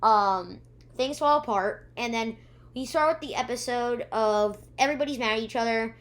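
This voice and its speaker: A woman's voice: on the high side, normal speed, fairly bright tone. A female reviewer recapping episodes in a rambling way, with many ums and restarts, acting out the characters' lines. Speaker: video reviewer.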